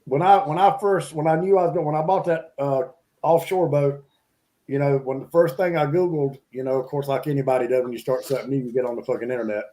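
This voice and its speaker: A man's voice: medium pitch, steady tone, fast, warm tone. A man chatting casually on a podcast, rambling through stories at length. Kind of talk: casual chat.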